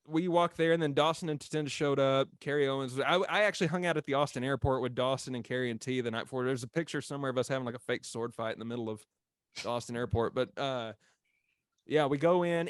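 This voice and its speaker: A man, a former mascot telling a story on a podcast in a lively, laughing way and acting out what people said. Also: medium pitch, fast, no echo, studio quality. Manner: animated, acts out quotes, laughs often.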